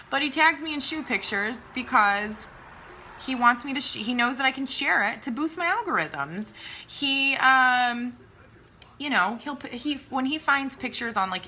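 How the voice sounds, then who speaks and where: A woman's voice: on the high side, sharp tone, a little hiss or hum. A woman giving a chatty, emphatic motivational talk to her followers, often calling them "you guys".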